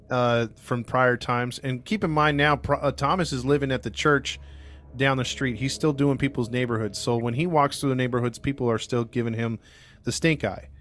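A man hosting a true crime podcast, telling the case in a casual, animated way and acting out what people said. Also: medium pitch, a little hiss or hum. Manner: animated, acts out quoted people, laughs often. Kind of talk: casual storytelling.

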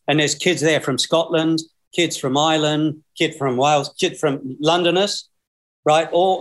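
An Australian man in his sixties, speaking a touch higher than most men. He tells a long, rambling story and keeps breaking into chuckles. He sounds like he is on a video call. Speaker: guest. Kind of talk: casual storytelling.

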